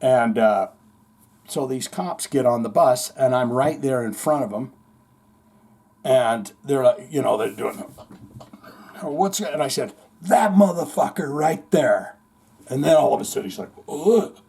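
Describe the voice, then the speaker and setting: A man hosting a podcast, telling a long story in a rambling, animated way, full of swearing and acted-out quotes. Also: medium pitch, normal speed, vocal fry, breathy edge. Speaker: podcast host. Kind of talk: casual storytelling monologue.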